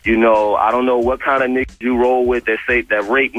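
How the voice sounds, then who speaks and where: A man's voice: medium pitch, level tone, brisk, a bit bright, dry recording, poor audio. Laid-back man telling a story in slang. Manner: laid-back, emphatic, profane slang, repeats phrases. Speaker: guest recounting a backstage altercation. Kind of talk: casual radio interview storytelling.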